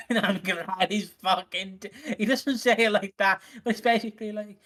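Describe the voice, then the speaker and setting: A man's voice: high voice, fairly even intonation, moderate pace, fairly bright tone. A man co-hosting a casual podcast chat, telling stories with lots of laughter and swearing. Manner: laughing, profane storyteller. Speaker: podcast co-host. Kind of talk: casual chat reviewing wrestling.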